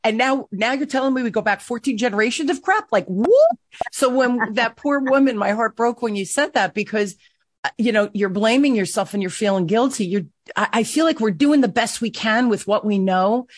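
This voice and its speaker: A woman's voice: fairly high pitch, moderate pace, a little hiss or hum. A woman hosting a podcast interview in a chatty, enthusiastic way, often restarting her sentences. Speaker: podcast host. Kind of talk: casual interview chat.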